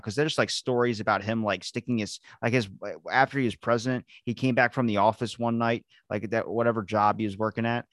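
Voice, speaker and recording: A man's voice: on the low side, fairly even intonation, brisk, few pauses, dry recording, clean studio sound. A man hosting a podcast, rambling and joking crudely in casual chat. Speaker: podcast host.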